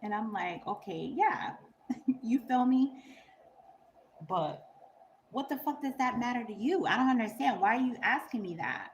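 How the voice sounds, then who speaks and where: A young woman, telling a story to camera in a blunt, profane, animated way and laughing often. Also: on the high side, normal speed, long pauses, highs cut off, slight background noise. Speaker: vlogger. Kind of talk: unscripted storytime rant.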